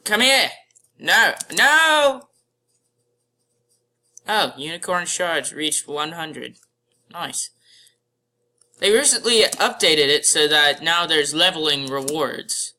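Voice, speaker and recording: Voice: medium pitch, slow pace, pushed and bright. A gamer giving playful live commentary over their gameplay and calling out at the game.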